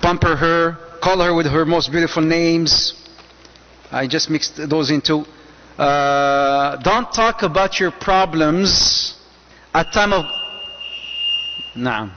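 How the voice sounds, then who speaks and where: A man preaching to an audience, lively and mixing Arabic phrases into his English. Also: on the high side, slow, long pauses. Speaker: Islamic preacher. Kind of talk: lecture to a live audience. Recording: dull, echoey hall sound.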